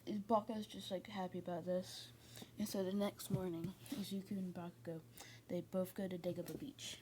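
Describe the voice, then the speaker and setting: A woman's voice: fairly low pitch, flat delivery, normal speed, a little mellow, a little hiss or hum. A woman casually retelling a fan story, rambling with many fillers and restarts.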